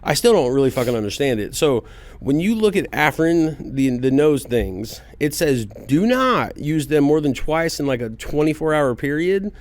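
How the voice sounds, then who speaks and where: A man's voice: a little high, big pitch swings, moderate pace, no echo. A man co-hosting a podcast, laid-back and profane, joking in casual banter. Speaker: podcast co-host. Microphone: studio podcast mic.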